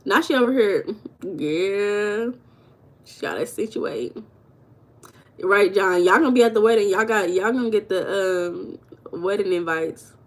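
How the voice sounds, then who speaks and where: A woman's voice: mid-range voice, measured pace. A woman hosting a live stream, chatting casually with her viewers and laughing often. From United States. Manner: chatty, talks to chat viewers, calls them baby and girl; laughs often while talking.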